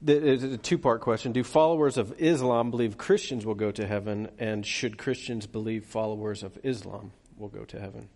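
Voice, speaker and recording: Relaxed male moderator with a low voice. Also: a little fast, vocal fry, hardly any pauses, in a large hall. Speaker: moderator asking questions.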